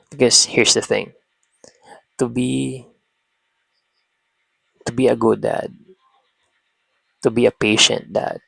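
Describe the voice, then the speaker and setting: Slow gravelly-voiced man, husky and dry. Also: medium pitch, fairly bright tone, no room sound, poor audio. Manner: talks to himself, pauses and restarts. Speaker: parenting channel host. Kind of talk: slow reflective monologue.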